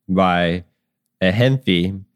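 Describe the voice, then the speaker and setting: Low, slow-talking male dungeon master. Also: no room sound. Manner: rambling, many ums, laughs at himself. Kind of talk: running a tabletop game, casual.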